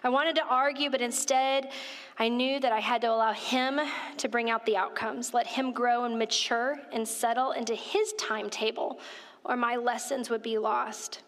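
A woman telling a story in a sermon, animated and chatty, talking straight to the people in front of her. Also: on the high side, normal speed. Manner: animated, conversational, addresses listeners directly. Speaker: women's ministry speaker. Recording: reverberant hall.

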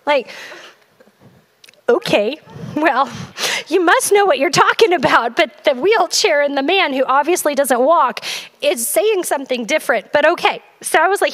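High-voiced woman telling a chatty story. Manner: chatty and breathless, heavy use of "like". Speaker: church member sharing a testimony. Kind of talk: personal storytelling to a congregation.

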